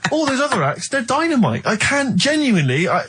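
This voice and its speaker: A man's voice: very high-pitched, very animated, brisk, a bit bright, slightly rough. A man co-hosting a radio show in a studio, chatting in a dry, mock-serious manner. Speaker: radio co-host. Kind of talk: casual comic radio chat. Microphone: studio microphone.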